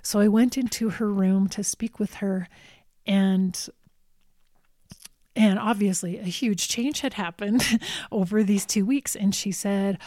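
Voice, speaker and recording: A woman who visits a nursing home tells a personal story in a calm, measured way, repeating words for emphasis. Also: medium pitch, no room sound, studio quality.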